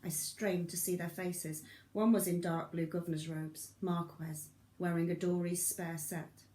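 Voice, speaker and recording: A woman narrating a novel in an audiobook reading, steady and measured. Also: lowish voice, reverberant. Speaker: audiobook reader.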